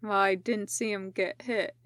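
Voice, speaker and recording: A woman reading the lines of a calm, deadpan male ninja in a fan-fiction audiobook. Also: mid-range voice, slow pace, no echo.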